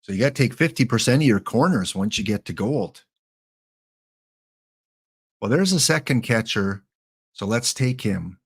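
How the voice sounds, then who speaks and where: His voice sits on the low side with a breathy edge and lively intonation, at a normal speed broken by long pauses. The man is hosting a live game stream, reasoning aloud over which cards to pick, murmuring names, and chatting with viewers.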